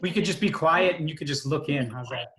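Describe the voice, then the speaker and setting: A woman's voice: low-pitched, fairly quick, a bit bright. A woman on a video call as a prospective buyer, giving short approving remarks and asking to see more.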